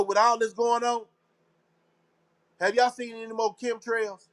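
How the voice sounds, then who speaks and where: Hosting a laid-back live talk show, this man from Texas rambles at his audience with slang, preachiness, and conspiracy talk, often repeating himself. He speaks a little slowly in a very high, level, slightly bright voice.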